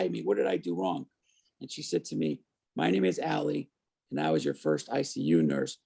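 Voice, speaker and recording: As a guest on an interview program, a man in his fifties tells his tale vividly, acting out other people's voices when he quotes them. He talks fairly fast in a husky, gravelly, mid-range voice.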